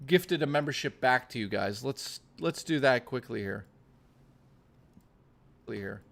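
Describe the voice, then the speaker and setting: A man's voice: medium pitch, expressive, a little slow, gravelly, fairly bright tone. A man hosting a livestream, chatting casually with viewers, reading out their messages and joking with a lot of swearing. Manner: profane, joking, reading chat aloud. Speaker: streamer host.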